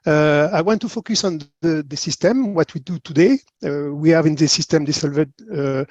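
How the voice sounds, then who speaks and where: A man with a French accent, a marine biologist giving an online conference talk in halting English with many fillers. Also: on the high side, a little mellow, no room sound. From France. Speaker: presenter. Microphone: video call. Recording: dull lo-fi video call audio.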